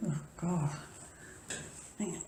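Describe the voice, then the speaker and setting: Against a noisy background, the paranormal vlogger speaks slowly in a voice on the low side, chatting casually to her camera from home in the early morning. She rambles, drops into whispers often and interrupts herself, and the room is echoey.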